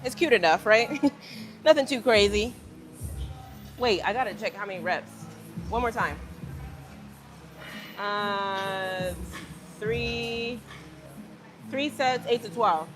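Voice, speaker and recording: A woman's voice: mid-range voice, slow, long pauses. Young woman, from Virginia, casual livestream chat, says y'all, gym, faint music behind. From Virginia, United States. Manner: chatty, addresses viewers as y'all. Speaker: livestreaming fitness creator. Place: gym, indoors.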